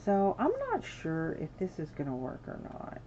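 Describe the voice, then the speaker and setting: In a muffled recording with a little hiss or hum, a woman speaks in a low, warm, sing-song voice at a moderate pace. Hosting a live game stream, she chats casually and apologetically with viewers as she builds, with sudden exclamations.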